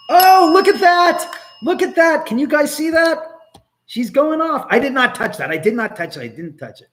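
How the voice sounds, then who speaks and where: A middle-aged American man spins stories on his live stream in a loose, animated manner, laughing and swearing freely. His voice sits a little higher than most men's. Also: poor audio. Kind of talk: casual storytelling live stream.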